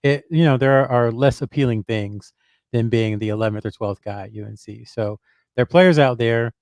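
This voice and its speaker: A man's voice: mid-range voice, normal speed, darkish tone, dry recording. A man on a podcast, a basketball reporter who hedges and thinks aloud with lots of fillers and restarts. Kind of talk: casual podcast chat.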